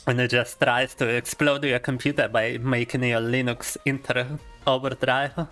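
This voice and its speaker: A man's voice: medium pitch, flat delivery, moderate pace, fairly bright tone. A young man chats on a live stream. He rants in an overblown mock-tragic tone and flips between two languages. Game music plays faintly behind him. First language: Russian. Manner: mock-dramatic rambling, bilingual switching. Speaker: gaming streamer. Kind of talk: casual live-stream chat.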